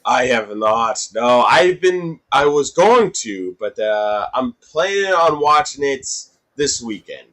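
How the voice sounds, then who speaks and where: A man from the Massachusetts area, a podcast guest in casual chat, animated and often laughing, who gets loud when he rants. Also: mid-range voice, slow, hardly any pauses.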